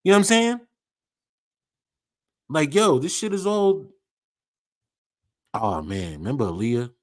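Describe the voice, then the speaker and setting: A man's voice: fairly high pitch, unhurried. A man hosting a livestream, ranting in casual slang with lots of swearing and repetition. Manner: profane, animated, repetitive slang-heavy ranting. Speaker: livestream host.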